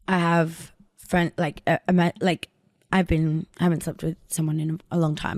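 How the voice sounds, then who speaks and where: A woman's voice: fairly low pitch, a little mellow, no room sound. Blunt young woman, dry close sound. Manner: frank and blunt, heavy on fillers like "like". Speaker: podcast host. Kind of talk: candid personal monologue.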